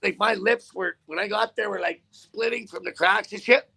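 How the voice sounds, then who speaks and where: A man's voice: high-pitched, moderate pace, vocal fry, pushed and bright, slight background noise. A man who drives trucks, telling a story in a casual interview with a profane, rambling, heated manner.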